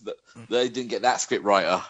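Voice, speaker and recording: A man's voice: lowish voice, moderate pace, lo-fi sound, crowd noise. A man co-hosting a boxing podcast in casual chat, blunt and sardonic, with some swearing. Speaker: podcast co-host.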